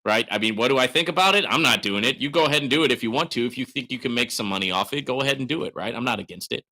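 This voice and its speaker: A man hosting a live question-and-answer chat, animated and prone to sudden hollering, tagging his points with "right?". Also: mid-range voice, very fast. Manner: animated, hollering bursts, calls viewers bro; frequent "right?" tags. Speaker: host.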